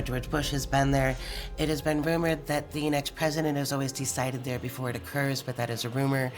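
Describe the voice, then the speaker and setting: Chatty woman telling local gossip. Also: rumbling low. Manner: frank, chatty storytelling. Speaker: local former laundry worker and bartender. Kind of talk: street interview answer.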